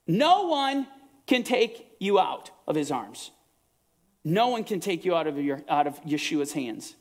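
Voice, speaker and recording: A man giving a sermon-style Bible teaching, emphatic and preacherly, swinging between soaring lines and hushed ones. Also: a little high, big pitch swings, unhurried.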